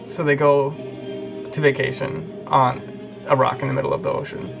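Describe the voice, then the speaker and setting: A man's voice: medium pitch, very animated, moderate pace, vocal fry, music in the background. A young man casually retelling a story in a rambling, profane way. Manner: rambling, profane, lots of fillers. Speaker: video host.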